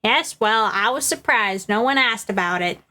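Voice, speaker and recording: A woman's voice: mid-range voice, animated, moderate pace, bright, forceful tone. Woman doing Oldbag, a brash bossy old busybody. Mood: chummy. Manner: brash, folksy, gossipy. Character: older woman witness, loud, nosy, bossy. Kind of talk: reading game dialogue aloud.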